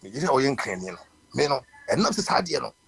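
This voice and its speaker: A man's voice: mid-range voice, very animated, fast, creaky, a bit bright, breathy edge. A man with a Ghanaian accent hosting a live radio talk show, speaking passionately and mixing in English with many restarts. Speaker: radio host.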